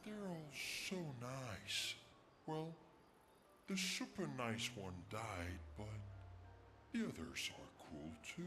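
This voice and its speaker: An actor voicing a huge, gentle, childlike creature in a video game, slow and fond, dropping French phrases, with game music behind. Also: male voice, medium pitch, sing-song, noisy background.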